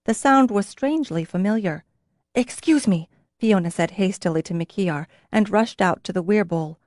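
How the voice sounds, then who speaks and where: Clean studio audio with no room sound captures a woman narrating a fantasy audiobook. She speaks in a mid-range voice, following a script in a steady, even storytelling style.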